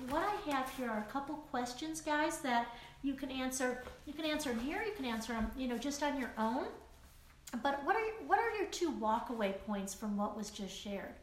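A woman's voice: fairly high pitch, slight background noise. A woman in her forties leading a Bible study, teaching and praying in an earnest, conversational way and often repeating words. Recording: echoey room, voice a bit distant.

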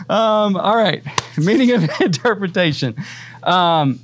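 A man's voice: sits high, expressive, slow. A man teaching a church Bible class in a casual, conversational way, often adding "man" and "right?" and laughing easily.

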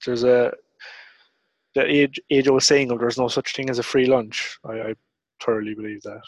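Calm dry-voiced co-host. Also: male voice, medium pitch, normal speed, no room sound, low-quality recording. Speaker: podcast co-host. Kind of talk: casual podcast chat.

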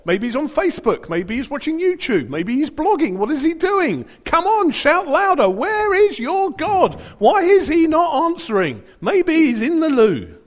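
A man playing a bold male prophet who mocks his rivals with loud, sarcastic taunts. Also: extremely high pitch, big pitch swings, a little slow, hardly any pauses, voice pushed up, exaggerated voice. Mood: mocking.

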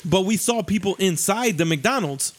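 A young man casually telling a story on a podcast, animated and slangy, often laughing and jumping into voices. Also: moderate pace. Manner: animated, laughing, acts out voices with rising pitch; profane, slangy.

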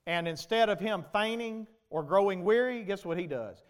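A male pastor preaching a sermon, asking the congregation questions and building to loud, emphatic passages. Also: sits high, expressive, normal speed. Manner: preaching with rhetorical questions to the congregation, rising to shouts.

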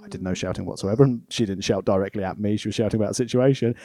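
A man's voice: fairly low pitch, rapid-fire, dark tone. A man co-hosting a podcast, telling funny stories about his daughter with lots of laughter and acted-out voices. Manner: laughing storyteller, acts out his daughter's lines. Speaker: podcast co-host. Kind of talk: casual comedic chat.

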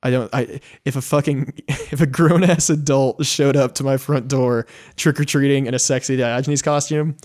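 A man's voice: medium pitch, fairly even intonation, normal speed, few pauses, a little mellow. A young man co-hosting a podcast in casual chat, rambling and profane, laughing often. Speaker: podcast co-host.

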